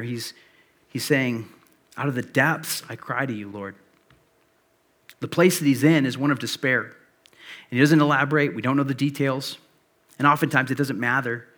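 Bright-voiced man preaching conversationally. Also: medium pitch. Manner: conversational storytelling with many fillers. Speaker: pastor. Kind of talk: sermon.

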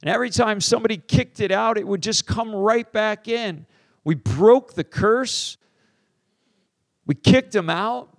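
Middle-aged pastor guy telling a story in a sermon, kinda high voice, acts out all the lines, dry close sound. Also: a little slow, creaky, no room sound. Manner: animated storyteller, acts out dialogue with shifting pitch and loudness. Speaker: pastor and teacher on deliverance.

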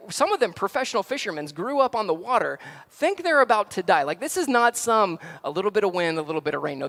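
A man preaching a conversational sermon as pastor, swinging from hushed reflection to loud, excited acted-out scenes. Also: fairly high pitch.

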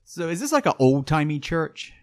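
A man's voice: on the high side, very animated, moderate pace. A man playing a tabletop role-playing game, speaking casually and carefully asking about the rules. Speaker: player.

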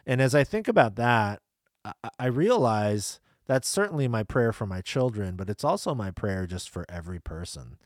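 Middle-aged man, low voice, earnest and reflective, dry close sound. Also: big pitch swings, moderate pace, no room sound. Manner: reflective, earnest, with frequent "you know". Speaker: parent and co-host discussing faith. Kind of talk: casual conversation.

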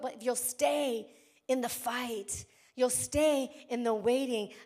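Female pastor, fairly high voice, sermon delivery; repeats lines for emphasis, big dynamic shifts between loud and hushed. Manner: preaching with dramatic swings from loud declarations to hushed, slow emphasis.

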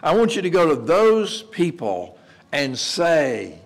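A man's voice: a little high, big pitch swings, slow pace, gravelly. A man preaching a sermon in a conversational way, asking rhetorical questions and repeating words as he restarts. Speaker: pastor.

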